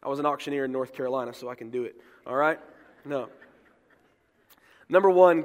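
A man preaching a sermon as pastor, fast and emphatic, often repeating words as he pushes ahead. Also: mid-range voice. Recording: long hall reverb.

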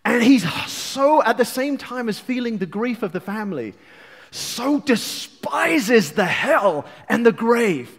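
An English man preaching a sermon with passion, moving between hushed lines and loud outbursts, with playful asides to the congregation. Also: sits high, in a large hall. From England.

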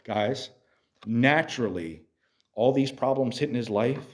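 A man delivers a sermon to a youth group at a measured pace in a medium-pitched voice. He's animated, moving from soft speech to shouts and speaking straight to the young people in front of him.

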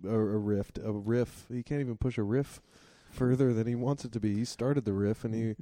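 A man's voice: on the low side, fairly even intonation, normal speed, dark tone, no room sound. A man co-hosting a podcast, rambling in a laid-back way with crude humor. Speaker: podcast co-host. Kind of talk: casual comedic chat.

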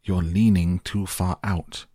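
Grumpy dad, low and husky, shrugging it all off, as a man reads him. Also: little pitch movement, takes it slowly, dark tone, no echo, studio quality. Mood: grumbling. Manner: blunt, grumbling. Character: gruff unbothered middle-aged father.

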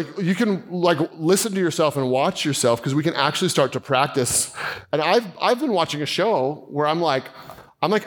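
Guy pastor giving a sermon, chatty and animated, acts out little voices, kinda high-ish voice.

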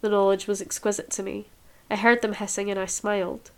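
A woman's voice: mid-range voice, little pitch movement, a little fast, natural voice. A woman reading aloud as a lovestruck young actress, in an impassioned, dreamy way. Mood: rapturous.

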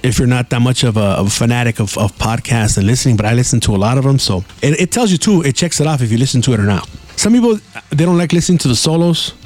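A man tells stories on his solo podcast in a casual, slangy style, swearing freely and slipping in Spanish words. His mid-range voice is expressive, quick and a little mellow, with faint music in the background.

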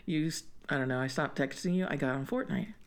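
A woman co-hosting a casual podcast chat, talkative and quick to laugh, often putting on a high squeal to act out her own reactions. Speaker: podcast co-host.

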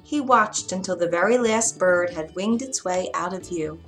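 A woman reading a children's story aloud, gentle and expressive. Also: fairly low pitch, moderate pace, soft background music.

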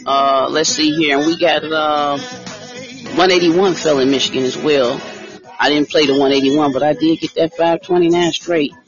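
A man's voice: a little high, steady tone, moderate pace. A man hosting a casual live stream, chatting with viewers by name and reading out lottery numbers. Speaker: livestream host giving lottery picks. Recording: dull lo-fi stream audio with faint music.

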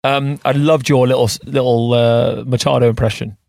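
A man in his thirties hosting a surf podcast, animated in chat and soft and slow when guiding breathing. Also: mid-range voice, vocal fry, dry recording, studio quality. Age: 30s. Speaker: podcast host.

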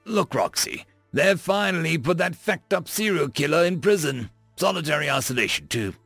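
A man's voice: fairly high pitch, big pitch swings, moderate pace, gravelly, fairly bright tone, no echo, faint music behind, voice pushed up, exaggerated voice. A man voicing an easygoing human crewman who talks casually and swears lightly. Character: easygoing young adult human spacer man, crude-mouthed.

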